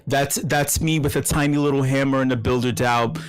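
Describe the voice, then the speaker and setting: A man's voice: mid-range voice, steady tone, fairly quick, smooth, dry recording, rough recording. Foul-mouthed man ranting in mock ASMR. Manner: profane, swings from hushed to yelling; restless stammering repeats. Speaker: meetup host. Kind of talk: comic rant in mock ASMR.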